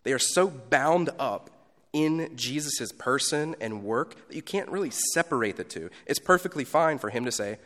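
A pastor giving a sermon in a conversational style, moving between loud emphasis and quiet asides. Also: male voice, medium pitch, expressive, normal speed, long reverb tail.

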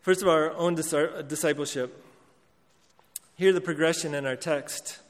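An earnest male pastor delivers a sermon in a slightly higher than usual voice, with a long reverb trailing each phrase. He pauses and restarts often, then rises with emphasis on key lines. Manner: earnest, reads scripture aloud with rising emphasis.

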